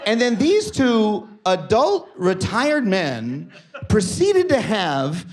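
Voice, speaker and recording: A man's voice: very high-pitched, very noisy. A man performing a stand-up comedy set on a theater stage, telling stories with acted-out quotes. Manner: animated storytelling with acted-out quotes. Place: theater stage before a live audience. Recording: live audience laughter behind.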